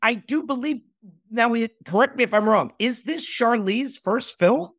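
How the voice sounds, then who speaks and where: A man's voice: very high voice, animated, normal speed, a bit bright, no room sound, studio quality. A man who is a guest writer on a movie podcast, chatting enthusiastically. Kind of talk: casual movie podcast chat.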